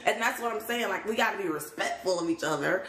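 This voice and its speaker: A woman's voice: medium pitch, fast, fairly bright tone. Woman live-streaming from her phone, chatty and laughing, echoey room. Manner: chatty, laughs often, greets viewers. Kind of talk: casual livestream chat. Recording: roomy echo.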